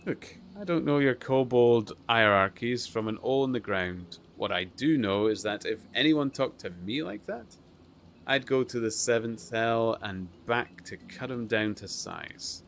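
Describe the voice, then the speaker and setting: A man's voice: medium pitch, unhurried, a bit bright, a little hiss or hum. A man playing a brash, scornful warrior woman. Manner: blustering, scornful, rough talk. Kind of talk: reading a game's story aloud.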